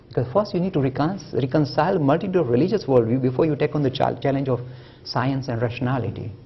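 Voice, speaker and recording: A male lecturer giving a public lecture, telling stories and jokes in an animated way and acting out the quotes. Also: medium pitch, vocal fry, muffled recording, slight background noise. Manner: animated, joking, acts out quotes. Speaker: lecturer on religion and science. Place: lecture hall at a university.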